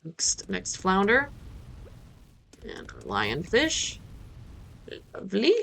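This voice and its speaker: A woman's voice: mid-range voice, huge pitch swings, takes it slowly, gravelly, fairly bright tone, a little hiss or hum. A woman in her thirties from the United States, chatting playfully and rambling about her day while playing a farming game on stream. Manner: playful, rambling, self-mocking. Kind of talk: casual gameplay chat.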